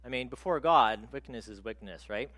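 A man preaching a sermon in a conversational, animated storytelling way. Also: mid-range voice, brisk.

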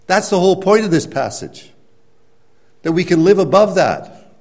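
A man preaching a sermon, explaining scripture in a conversational way and rising to emphatic, near-shouted points. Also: sits high, animated, moderate pace. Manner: conversational with restarts and everyday examples. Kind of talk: sermon teaching.

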